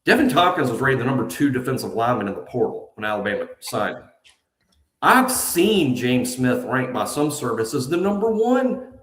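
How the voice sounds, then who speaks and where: A man's voice: mid-range voice, very animated, normal speed, a bit bright. A man co-hosting a casual sports talk show, emphatic and often repeating himself. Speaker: co-host. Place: nearly empty house being moved out of. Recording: echoey empty room.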